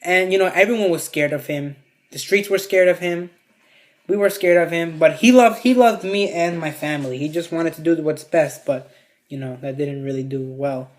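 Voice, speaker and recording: A man's voice: fairly high pitch, normal speed. A young man from Mexico telling a casual storytime tale, rambling with constant fillers and heavy swearing. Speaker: vlogger.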